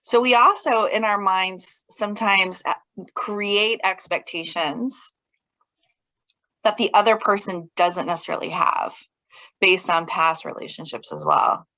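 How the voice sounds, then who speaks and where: Slow-talking bright-voiced woman. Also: medium pitch, poor audio. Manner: slow, thoughtful, hesitant starts. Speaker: podcast co-host. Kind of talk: casual chat.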